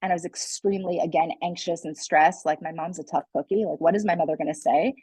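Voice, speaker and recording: A woman's voice: on the low side, fairly even intonation, fast, darkish tone, slightly rough, dry recording, rough recording. A young adult woman, a guest speaker, telling her personal story in a candid, earnest way with many "like" and "you know" fillers. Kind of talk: personal testimony in a conversation.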